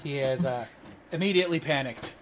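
A man narrating as game master for a tabletop role-playing game, relaxed and full of fillers. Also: medium pitch, brisk, a crowd in the background.

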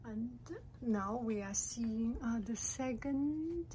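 Delighted woman, slow and gasping. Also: fairly high pitch, mellow, slight background noise, poor audio. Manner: gasping and delighted, repeats herself. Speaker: vlogger. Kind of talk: casual garden vlog. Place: home garden, outdoors.

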